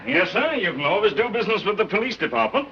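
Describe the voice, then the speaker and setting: An actor playing a sarcastic, hard-nosed police commissioner in an old film. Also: male voice, sits high, very animated, fast talker, a little hiss or hum. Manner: sarcastic, clipped. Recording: dull muffled 1930s film soundtrack.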